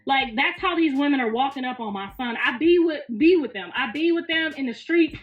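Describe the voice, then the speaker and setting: A woman in her fifties hosts a casual livestream from home, her high-pitched, expressive voice moving fairly quickly. She talks bluntly, swearing a lot and laughing often. The recording sounds roomy, distant and slightly muffled, with faint music behind her.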